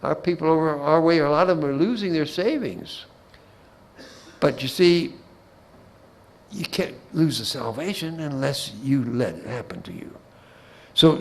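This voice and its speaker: A man's voice: on the high side, expressive, a little slow, vocal fry, fairly bright tone, low-quality recording. A man giving a Bible class talk in a folksy way, with humorous anecdotes and asides, often repeating words as he restarts a phrase.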